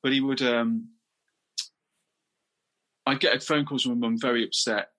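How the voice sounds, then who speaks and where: A middle-aged man from England talking candidly as an interview guest, halting often with restarts and repeated words. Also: mid-range voice, fairly even intonation, fairly bright tone.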